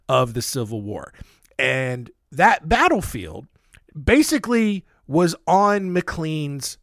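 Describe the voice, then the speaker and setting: A man's voice: a little high, dry recording, studio quality. A man hosting a casual history podcast, telling stories in a rambling way with self-deprecating asides, holding his own microphone. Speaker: podcast host. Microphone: handheld microphone.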